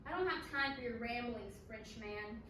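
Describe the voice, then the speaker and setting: A woman playing a council member who reads out charges and a verdict in a formal, deadpan way. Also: fairly high pitch, moderate pace, a little hiss or hum. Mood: stern. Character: stern female council member judging a trial. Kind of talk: student stage reading. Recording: echoey room from a distant mic.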